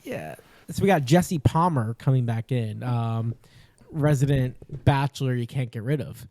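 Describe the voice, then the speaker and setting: A man co-hosting a casual podcast chat, jokey and animated, tripping over his words when excited. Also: mid-range voice, a little slow, no room sound. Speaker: podcast co-host.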